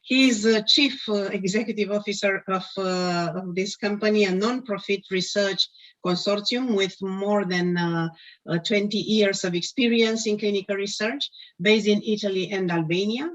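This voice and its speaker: A woman hosting an online conference session, introducing speakers haltingly with many fillers, her voice strained as if she is losing it. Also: medium pitch. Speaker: conference host. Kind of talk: hesitant live introduction. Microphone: video call. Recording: dull lo-fi video call audio.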